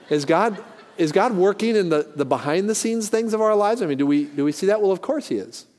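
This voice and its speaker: A man's voice: high-pitched, expressive, moderate pace, darkish tone, in a large hall. A male pastor preaching a sermon, telling jokes and stories in a folksy way with many restarts. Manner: folksy, joking storytelling with frequent restarts.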